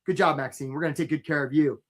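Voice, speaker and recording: In an energetic live webinar, a man coaches job seekers, upbeat and chatty, greeting viewers by name and repeatedly asking "right?" His voice is fairly high, steady, fast and fairly bright.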